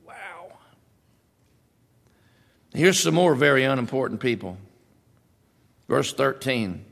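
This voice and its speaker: A male pastor preaching a sermon in an animated, conversational way, with sudden loud bursts. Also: medium pitch, slow, creaky, pauses often, long reverb tail.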